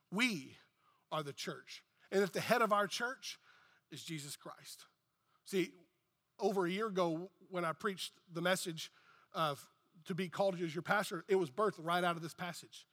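A man's voice: sits high, a bit bright, long reverb tail. A man preaching a sermon as pastor, emphatic and repetitive, swelling and dropping in intensity. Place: church hall.

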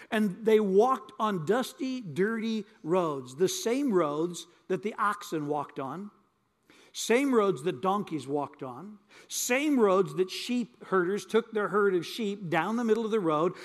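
Older man as pastor, high voice, folksy sermon, hall reverb. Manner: folksy, repeats words for emphasis. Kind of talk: sermon with storytelling.

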